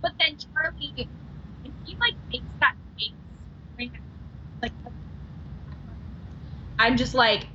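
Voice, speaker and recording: A woman guest on a podcast interview, telling animated stories full of acted-out quotes and laughter. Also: high-pitched, slow pace, pauses often, muffled recording, slight background noise. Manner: bubbly, animated storytelling with quoted dialogue and laughs. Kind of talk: casual interview chat.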